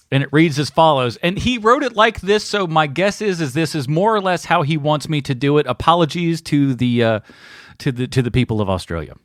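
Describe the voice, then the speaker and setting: A man's voice: a little high, expressive, normal speed, fairly bright tone, no echo, studio quality. A man co-hosting a movie podcast in casual, joking chat, reading out listener mail. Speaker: podcast co-host.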